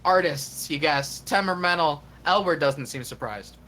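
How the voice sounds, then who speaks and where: A streamer reading a game's narration aloud in a lively live stream, with comic emphasis. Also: medium pitch, moderate pace.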